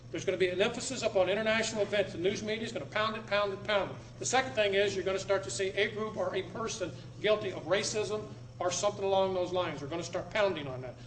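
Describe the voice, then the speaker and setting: A man giving a public talk to a live audience in a room, emphatic, repeating words and swinging between loud and low. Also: a little hiss or hum. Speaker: speaker addressing an audience.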